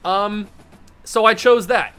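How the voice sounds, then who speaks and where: Bright-voiced man chatting over gameplay. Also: high-pitched, slow pace, clean tone, faint music behind. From Ohio, USA. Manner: chatty, thinks aloud, self-amused. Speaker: gaming channel host. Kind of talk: casual gameplay commentary.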